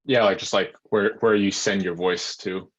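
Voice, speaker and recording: A man's voice: lowish voice, fairly even intonation, normal speed, a bit bright, slightly rough. A male student answering his teacher's question tentatively in class.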